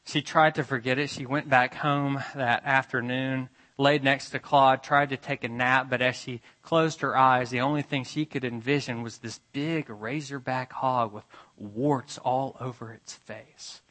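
Bright-voiced male preacher telling a story. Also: mid-range voice, fairly even intonation, a little slow, hardly any pauses, low-quality recording. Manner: dramatic retelling, swinging from urgent to hushed. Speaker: pastor. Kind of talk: storytelling sermon.

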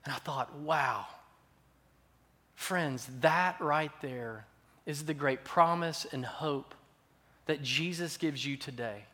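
A man preaching a sermon as pastor, earnest and measured, building to emphatic swells. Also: on the high side, pushed and bright. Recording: long reverb of a large hall.

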